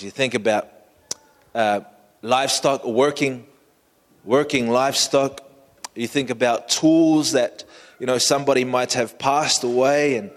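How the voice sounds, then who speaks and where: A man preaching a sermon, painting a vivid scene slowly and inviting listeners to imagine it. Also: medium pitch, big-room sound. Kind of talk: storytelling sermon.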